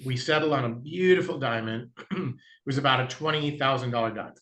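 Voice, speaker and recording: Man, podcast guest, bright voice, storytelling, acts out dialogue, throat clearing. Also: mid-range voice, a little fast. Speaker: guest, diamond dealer. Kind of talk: casual interview storytelling.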